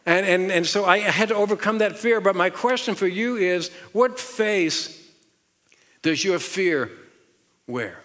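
A middle-aged pastor with a Southern US accent preaches a sermon in a large church auditorium, speaking conversationally with frequent repeated words and rising emphasis. His high-pitched voice is a bit bright, with lively intonation and an unhurried pace. Long hall reverb fills the recording.

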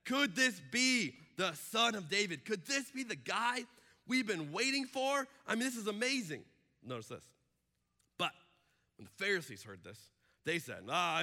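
A man preaches in a lively, animated way, slipping into the voices of the people he quotes. His voice is bright and forceful and sits a little high. A long reverb from a large hall trails each phrase. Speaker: pastor. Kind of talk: sermon.

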